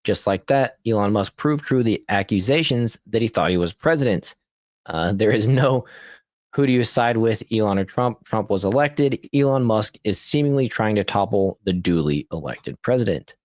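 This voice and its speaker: A low-voiced man hosts a podcast in a loose, chatty way, reading posts aloud and often laughing at them. He trips over words and starts lines over, with a dry, close sound and little room around him. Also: lively intonation, moderate pace, darkish tone, dry recording. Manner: laughs often, restarts and corrects his reading. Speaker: podcast host. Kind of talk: casual political commentary, reading posts aloud.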